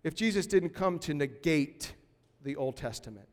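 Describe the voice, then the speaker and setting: A man pastor delivering a sermon in a lively, conversational way, punctuated by sudden emphatic bursts. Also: on the high side, moderate pace, in a large hall.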